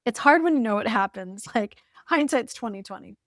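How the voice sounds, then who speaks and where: An American vlogger in her forties reads from an old journal, telling her story in a wry, lighthearted way with sudden lifts of pitch. Her delivery is animated at a moderate pace, and the recording is dry and studio quality.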